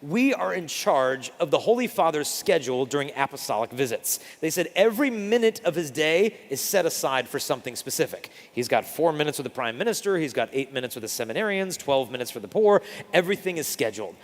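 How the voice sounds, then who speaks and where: Animated man preaching in a reverberant hall. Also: on the high side, a little fast, hardly any pauses. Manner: animated, acts out voices in anecdotes. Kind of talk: storytelling sermon.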